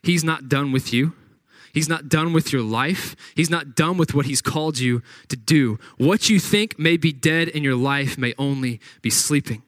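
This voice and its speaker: A man delivers a sermon with a fairly high voice. He reads scripture and then retells it dramatically, acting out what the people said. The sound is dry and close, with no room echo. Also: moderate pace. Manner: dramatic retelling with acted-out quotes. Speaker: pastor.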